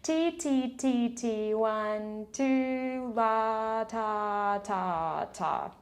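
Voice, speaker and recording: A woman with a slight non-native English accent and a voice a little high gives a patient, encouraging singing lesson, speaking extremely slowly. She counts beats aloud in this step-by-step vocal tutorial while piano chords play in the background.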